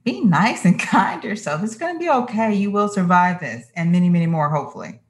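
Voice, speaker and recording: A woman's voice: lowish voice, big pitch swings, fairly quick. Upbeat woman hosting a podcast. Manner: enthusiastic, affirming. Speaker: podcast host. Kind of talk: casual interview chat.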